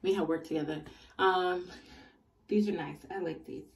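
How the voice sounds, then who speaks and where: A young woman vlogger telling a casual storytime in an animated, slangy, exasperated way. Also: lowish voice, normal speed, recorded from a distance.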